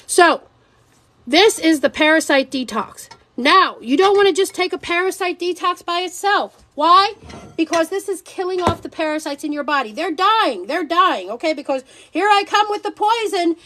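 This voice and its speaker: A high-voiced woman hosting a casual live stream. She talks in an animated, joking way, often losing her thread and interrupting herself.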